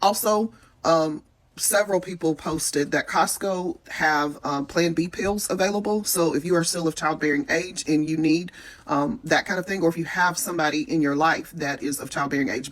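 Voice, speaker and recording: A woman talking casually to camera, giving practical tips in a frank, earnest way with many pauses. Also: deep voice, steady tone. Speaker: vlogger giving preparation tips.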